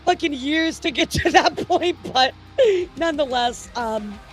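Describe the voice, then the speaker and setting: A woman streamer chatting casually through the news with her viewers, rambling and excitable, often stammering and swearing. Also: sits high, unhurried, faint music behind.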